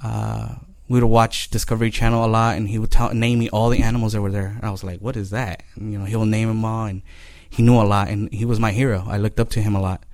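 Earnest low-voiced man telling his story. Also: level tone, a little mellow, dry recording. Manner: earnest, halting, many pauses and fillers. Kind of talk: personal testimony.

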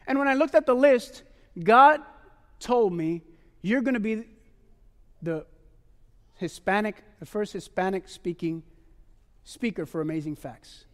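A man with a very high voice preaches a testimony sermon, animated and pleading by turns. He keeps calling the congregation "my loved ones" and asks for their "amen." His voice rings with the long reverb of a church hall. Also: a little slow, long pauses.

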